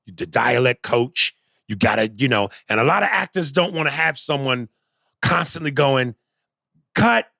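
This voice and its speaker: Animated gravelly man, casual podcast chat. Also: normal speed, no echo, clean studio sound. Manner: animated, swings from loud outbursts to low mutters, drops into impressions. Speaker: podcast co-host.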